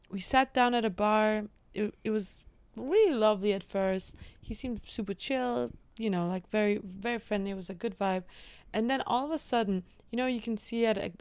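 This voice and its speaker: A woman guest on a podcast, telling stories in a relaxed way with frequent hedges. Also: medium pitch, moderate pace, smooth, dry recording. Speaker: guest comedian. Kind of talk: casual chat.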